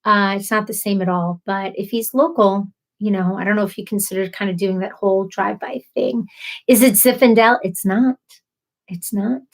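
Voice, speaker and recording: A woman's voice: mid-range voice, steady tone, moderate pace. A woman in her thirties hosting a casual livestream, chatty and bubbly, laughing often as she reads comments. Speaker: livestream host.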